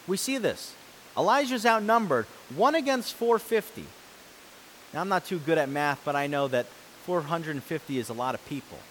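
A man preaching a sermon, reading scripture and explaining it, who swings between loud, forceful passages and soft, quiet ones. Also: on the high side, expressive, moderate pace, slight background noise, poor audio.

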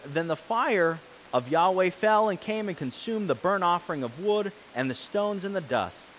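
A man preaching a sermon, reading scripture and explaining it, who swings between loud, forceful passages and soft, quiet ones. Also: fairly high pitch, slight background noise, poor audio.

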